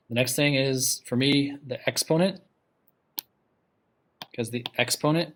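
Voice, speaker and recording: A male math teacher lecturing his class in a classroom. His voice sits at a middle pitch as he talks the students through each step. He stops often to ask "okay?", throws questions out to the room, and repeats the main idea for emphasis. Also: measured pace, long pauses, a bit bright, slight background noise.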